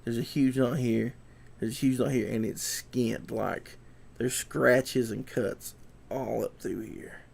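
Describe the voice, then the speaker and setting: A man's voice: medium pitch, steady tone, slow, gravelly, a little mellow, slightly rough. A young man telling a story to camera, rambling and repeating himself and sounding shaken. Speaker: vlogger.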